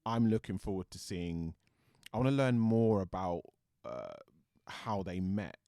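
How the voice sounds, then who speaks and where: A man's voice: low voice, animated, unhurried, warm tone, no room sound, clean studio sound. A British man, an actor guest, chatting thoughtfully in an interview and often restarting his sentences. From Britain. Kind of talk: casual interview chat.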